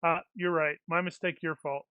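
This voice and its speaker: A man playing in a tabletop game, trading quick jokes with the others. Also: on the high side, steady tone, sharp tone, smooth, dry recording, rough recording. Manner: joking, quick banter. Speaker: player. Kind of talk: casual tabletop play.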